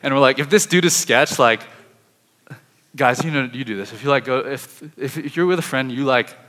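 Young guy preaching a story, bright forceful voice, big echoey hall, acts out what he was thinking. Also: mid-range voice, normal speed. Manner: lively, animated, acts out his inner thoughts. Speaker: speaker telling a testimony. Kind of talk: sermon-style storytelling.

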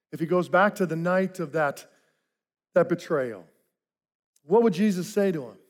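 Male pastor, storytelling sermon delivery, slightly raised pitch, sinks soft and low for reflection. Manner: dramatic storytelling, acting out quoted voices; drops to soft, low tones for reflective points.

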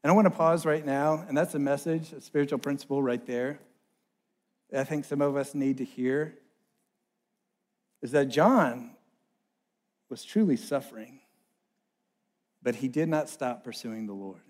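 A young man preaching a sermon, telling a funny personal story in an animated, self-deprecating way, swinging from loud to hushed. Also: mid-range voice, a little slow, pauses often. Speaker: pastor.

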